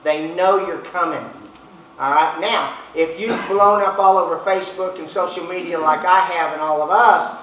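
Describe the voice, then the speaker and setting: A man's voice: on the high side, moderate pace. Folksy male sales trainer, casual delivery, dull lo-fi room sound. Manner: folksy, conversational, acts out phone chats. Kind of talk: informal training talk. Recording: echoey, distant, dull room recording.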